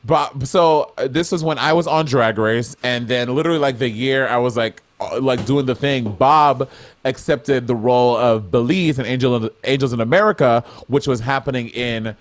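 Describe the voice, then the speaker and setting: A man's voice: mid-range voice, normal speed. A man raised in Brooklyn, New York, co-hosting a podcast and telling stories in a chatty, rambling way. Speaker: podcast co-host. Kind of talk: casual storytelling.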